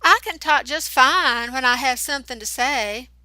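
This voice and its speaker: A woman's voice: high-pitched, normal speed, bright, forceful tone, no room sound, voice pushed up. A woman voicing a brash, crude teenage boy who taunts and swears. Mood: mocking.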